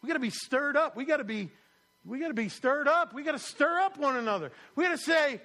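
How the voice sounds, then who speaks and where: A man's voice: very high voice, a little fast, sharp tone. A man preaching a sermon as pastor, emphatic, repeating key phrases and calling on the congregation to answer back.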